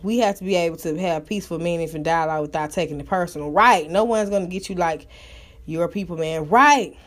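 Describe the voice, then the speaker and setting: A woman hosting a casual live talk room, telling stories and ranting bluntly with profanity and sudden loud outbursts. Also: on the low side, brisk. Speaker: live audio room host. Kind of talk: casual storytelling rant.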